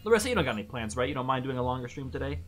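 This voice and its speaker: A man hosting a live game stream, joking quickly and poking fun at the game as he plays. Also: medium pitch, big pitch swings, a bit bright. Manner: quick, joking, playful indignation. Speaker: host and player. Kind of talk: casual gameplay commentary.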